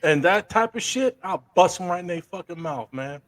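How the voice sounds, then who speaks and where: A man's voice: high-pitched, animated, normal speed. A man in a casual chat, speaking emphatically and swearing. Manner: emphatic, profane.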